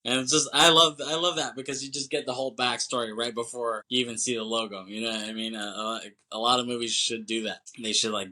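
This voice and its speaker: A man's voice: medium pitch, bright, forceful tone. A man co-hosting a podcast, casually retelling a film's plot in a loose, jokey way and laughing often. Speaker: podcast co-host. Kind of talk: casual movie recap chat.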